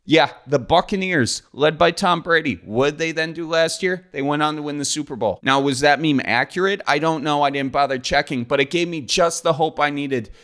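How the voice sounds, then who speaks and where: A man's voice: fairly high pitch, moderate pace, hardly any pauses, fairly bright tone, clear, resonant tone. A man, hosting his podcast in a folksy, joking, rambling way. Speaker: podcast host. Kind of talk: casual solo podcast intro.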